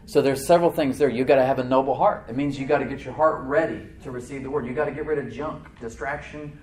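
Speaking fast in a roomy-sounding space, this man delivers a sermon as his church's pastor. His talk is conversational, full of repeated words and restarts, swinging from loud, emphatic outbursts to hushed asides.

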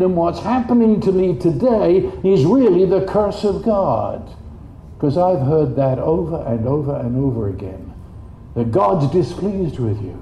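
A man preaching a sermon in an animated way, jumping up in pitch for quoted voices. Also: a little slow, a little hiss or hum. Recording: dull, echoey room.

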